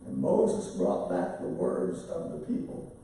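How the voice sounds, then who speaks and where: A man's voice: mid-range voice, huge pitch swings, a little slow, warm tone, heavy reverb, recorded from a distance, rough recording. A man teaching a Bible lesson in a conversational way, summarizing chapters and reading verses aloud. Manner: conversational, reads scripture aloud.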